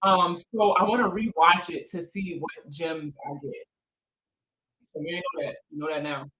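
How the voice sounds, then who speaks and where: A woman hosts a relaxed livestream chat in a bright, forceful voice. She talks in loose slang with plenty of swearing and laughs often. She reads out viewer comments and answers them. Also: fairly low pitch, a little slow, low-quality recording. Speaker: financial counselor hosting a live chat.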